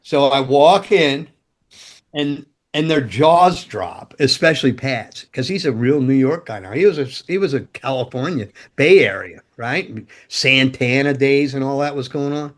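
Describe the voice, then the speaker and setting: An older man, a former rock roadie, telling stories as a podcast guest in a loose, profane, animated way. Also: medium pitch, unhurried. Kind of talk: casual storytelling interview.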